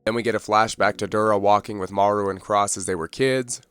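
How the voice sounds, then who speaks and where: A man's voice: fairly low pitch, steady tone, fairly quick, a bit bright, clean tone, no room sound, studio quality. A man narrating a casual manga chapter recap, reading characters' lines aloud in a loose, conversational way. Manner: reads dialogue aloud in a loose conversational way, "kinda", "like".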